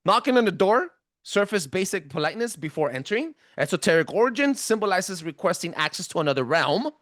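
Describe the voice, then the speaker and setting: A man with a self-described thick accent, hosting a podcast and giving a casual presentation in an emphatic, animated way. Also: a little fast, no echo, clean studio sound. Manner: animated, emphatic, swinging pitch. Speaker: podcast host.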